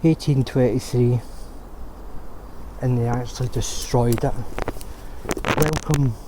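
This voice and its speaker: A man's voice: medium pitch, measured pace, noisy background. A man vlogging in a graveyard, ranting in outrage and swearing. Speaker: paranormal vlogger. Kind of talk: outdoor vlog monologue. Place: graveyard outdoors.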